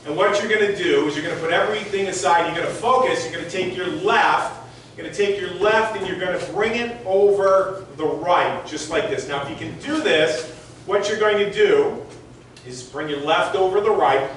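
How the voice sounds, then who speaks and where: A man in his sixties tells stories to a hall audience, conversational and direct, with a fairly high voice for a man. The sound echoes heavily around a large room and is picked up from far off the mic, with faint background noise. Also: normal speed, a bit bright. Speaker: motivational speaker. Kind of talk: storytelling talk on stage.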